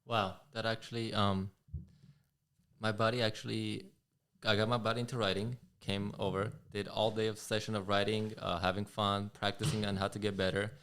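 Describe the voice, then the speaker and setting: A man's voice: on the low side, level tone, moderate pace, a bit bright, a little hiss or hum. A man talking as a podcast guest in a casual conversation, reflective and restarting his sentences often. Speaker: guest rider.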